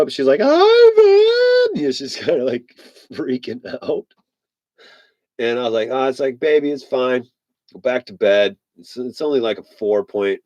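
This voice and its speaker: A man tells a personal story in a loose, rambling monologue, circling back with "I was like" again and again. His voice sits at an ordinary middle pitch. The recording is dry and close, with no room sound. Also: darkish tone, no room sound. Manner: rambling, repeats "I was like", many fillers. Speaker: vlogger.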